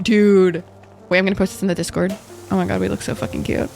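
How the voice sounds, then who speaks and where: A woman streaming a game live, excitable and giggly, swearing freely as she chats. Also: mid-range voice, a little fast, creaky, soft background music.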